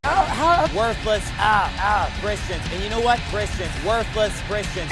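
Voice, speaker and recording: A man preaching an angry, fiery sermon, yelling insults. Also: sits high, expressive, unhurried, husky. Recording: sermon clip played over music. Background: music.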